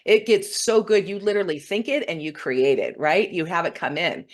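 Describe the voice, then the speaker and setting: A woman's voice: lowish voice, moderate pace. A middle-aged woman hosting a spiritual talk, speaking earnestly and getting emotional when moved. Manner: earnest, warm-hearted, often tearful when moved. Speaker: spiritual teacher hosting a weekly broadcast. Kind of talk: heartfelt spiritual talk to viewers.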